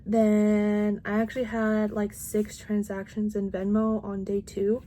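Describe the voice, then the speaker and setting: A woman's voice: mid-range voice, completely flat delivery, a little slow, mellow, a little hiss or hum. Chatty woman rambling through her sales. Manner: rambling, full of "like" and restarts. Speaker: crochet vlogger. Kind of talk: casual chatty recap.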